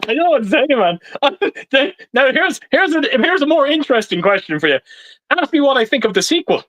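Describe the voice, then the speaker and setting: A man's voice: extremely high pitch, big pitch swings, moderate pace, a bit bright, dry recording. A man hosting a casual movie live stream over a video call, blunt and stammering, with plenty of swearing. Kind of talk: casual chat about movies.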